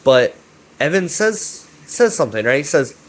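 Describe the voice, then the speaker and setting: A man giving a casual, rambling recap of a web series. He is excitable and profane, repeats himself, and keeps checking in with "right?". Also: a little high, normal speed. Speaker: YouTube commentator.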